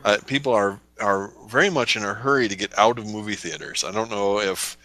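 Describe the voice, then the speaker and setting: A man's voice: on the low side, fairly quick, bright, forceful tone. A young man co-hosting a podcast, chatting casually with a wry, joking manner. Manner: wry, joking, acts out quotes in funny voices. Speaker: podcast co-host. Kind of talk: casual chat.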